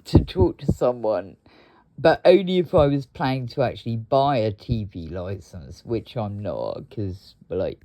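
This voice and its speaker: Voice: mid-range voice, warm tone, no echo. A vlogger, rambling and ranting to camera, swearing often and laughing between complaints.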